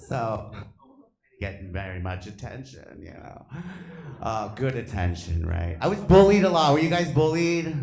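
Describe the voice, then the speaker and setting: A man in his thirties doing a stand-up comedy set on stage, flamboyant and camp, breaking into loud shrieks. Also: mid-range voice. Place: comedy theater stage with live audience. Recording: echoey live comedy room.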